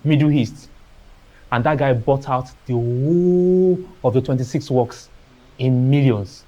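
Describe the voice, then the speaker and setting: A man's voice: mid-range voice, a little mellow. Nigerian man telling stories at a seminar. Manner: storytelling, acting out dialogue, dropping into Pidgin phrases. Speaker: artist speaking at a seminar. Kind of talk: motivational seminar talk.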